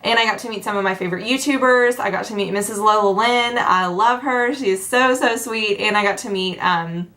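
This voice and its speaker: A woman's voice: fairly quick, few pauses, fairly bright tone. Bubbly chatty young woman vlogger. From Tennessee. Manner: bubbly, chatty, acts out quotes with big pitch jumps. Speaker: beauty vlogger. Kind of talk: casual chat to camera.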